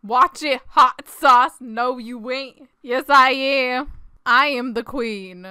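A young woman giving casual, excitable gameplay commentary, often breaking into shrieks and laughter. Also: a little high, unhurried, smooth. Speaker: gaming YouTuber.

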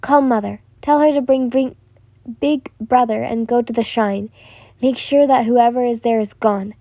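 A woman's voice: fairly high pitch, steady tone, normal speed, mellow, no room sound. A woman voicing a young boy who is eager and clingy, with a cold possessive streak. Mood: cold whisper. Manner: eager, pleading, childlike.

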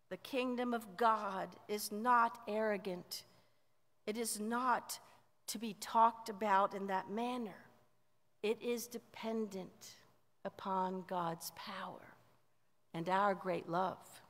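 A woman pastor preaching a sermon in a measured way, often letting line endings drop softly. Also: mid-range voice. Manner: slow, measured preaching with soft dropped endings. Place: church sanctuary. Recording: church sanctuary with long reverb.

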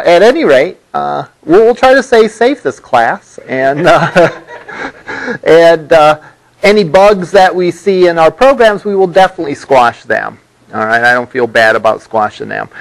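A man's voice: fairly high pitch, poor audio. A male college instructor giving a classroom lecture, rambling with many restarts and repeated words.

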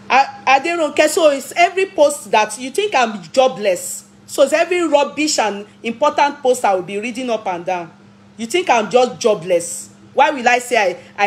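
A Nigerian woman giving opinionated vlog commentary, arguing, throwing out rhetorical questions and scolding commenters, recorded on a phone. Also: a little high. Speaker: vlogger and commentator.

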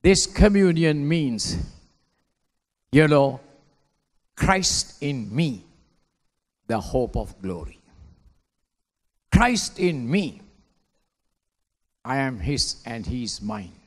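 A man preaching a sermon as a pastor, swinging between hushed lines and shouted ones. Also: mid-range voice. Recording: long hall reverb.

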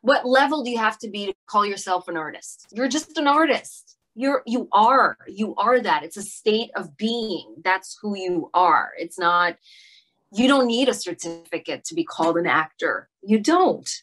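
A middle-aged actress talking through an interview in a reflective way, pausing often with fillers and restarting her sentences. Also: medium pitch, lively intonation, a bit bright. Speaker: actress guest. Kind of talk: casual interview conversation.

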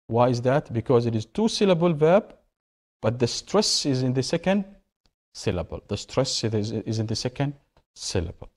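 A man's voice: mid-range voice, darkish tone. A man teaching an English grammar lesson, asking questions and answering them himself while repeating key words.

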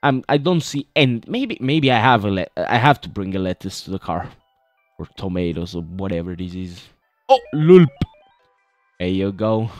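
A man's voice: fairly low pitch, sing-song, normal speed, no room sound, soft background music. A young man joking his way through a horror game playthrough, chatting and calling everyone "bro". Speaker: gaming video host.

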